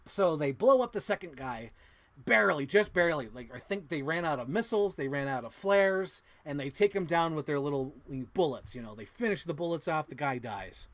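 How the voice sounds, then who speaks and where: A man hosting a podcast, excitedly retelling a movie plot to his co-host, swearing often and humming sound effects. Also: on the high side, a little fast, no room sound. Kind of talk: animated movie recap to a co-host.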